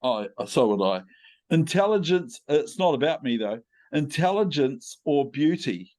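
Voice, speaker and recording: A man's voice: a little high, sing-song, a little slow, a little mellow. A man with a New Zealand accent interviewing a guest in a playful, chatty way, wandering into asides. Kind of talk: casual interview chat.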